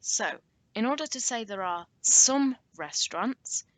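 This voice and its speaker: A woman giving a recorded online language lesson, slowly and carefully repeating example phrases. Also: a little high, lively intonation, no room sound. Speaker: language teacher.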